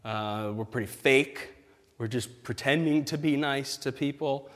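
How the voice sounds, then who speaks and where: A man preaching a casual sermon, playful and animated, with exaggerated reactions. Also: medium pitch, a little slow, big-room sound. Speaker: pastor.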